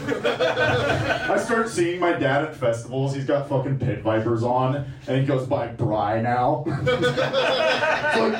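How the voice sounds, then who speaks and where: A man's voice: very animated, slow pace, echoey room, distant mic, background noise. Brash crude male stand-up comic. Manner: brash, crude, loud swings in pitch. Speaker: stand-up comedian. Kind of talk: stand-up set.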